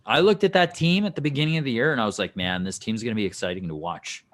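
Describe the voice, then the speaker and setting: A man's voice: medium pitch, fast, a bit bright. A man co-hosting a casual sports podcast, rambling through his points with restarts and light jokes. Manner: rambling, full of fillers and restarts, joking. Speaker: podcast co-host.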